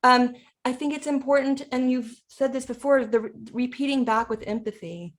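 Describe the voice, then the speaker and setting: A woman with a slightly high voice explains her thinking in a relaxed presentation. She is reflective and often acts out quoted lines to make a point. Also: normal speed. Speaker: educator and presenter. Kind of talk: casual presentation chat.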